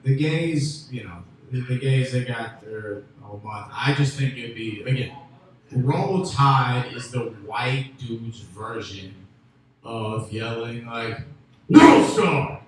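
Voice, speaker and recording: A man from Memphis doing a stand-up comedy set, rambling and restarting, with loud bursts on his punchlines. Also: medium pitch, slow. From Memphis, USA. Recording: echoey room with faint ambient noise.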